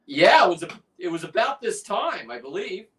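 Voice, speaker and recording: A man's voice: high voice, sing-song, moderate pace, fairly bright tone, far from the mic. A man in casual chat, rambling and talking through a demonstration as he works. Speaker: guest on a fishing livestream, lobster preparer. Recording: away from the mic.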